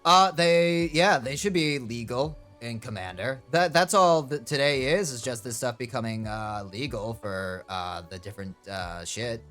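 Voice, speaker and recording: A man streaming a card pack opening in casual chat, excitable and rambling, with frequent swearing. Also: medium pitch, unhurried, few pauses, soft background music.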